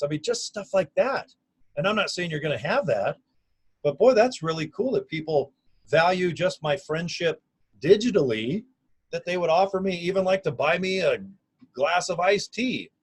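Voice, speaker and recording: A man in his fifties speaks straight to his own camera in an energetic, folksy pitch. His voice sits a little high for a man, and he leans on slang and punchy emphasis as he talks. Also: normal speed, husky, poor audio. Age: 50s. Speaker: online business recruiter. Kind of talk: casual self-recorded video pitch. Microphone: camera or phone mic.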